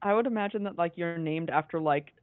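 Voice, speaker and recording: A woman co-hosting a casual brainstorming chat, playful and halting, laughing often as she tosses out ideas. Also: on the low side, no room sound. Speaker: podcast co-host. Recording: tinny phone-like call audio.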